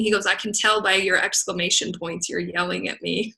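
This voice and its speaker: A woman's voice: medium pitch, level tone, a little fast, gravelly, few pauses, pushed and bright, rough recording. A middle-aged woman, a business coach, giving an emphatic motivational talk to a group, laughing often and asking "right?". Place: event venue in Las Vegas.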